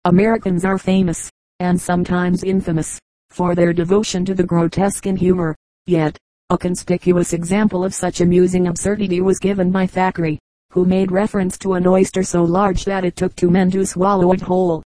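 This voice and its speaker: Female audiobook reader; measured and even, mellow voice. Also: fairly low pitch, no echo, low-quality recording. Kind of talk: scripted narration.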